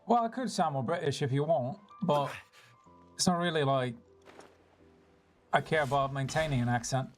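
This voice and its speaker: A young-adult streamer chats with viewers over live gameplay, teasing them, laughing often and swearing casually. The voice is mid-range, with soft music in the background, and the manner is chatty and quick to react.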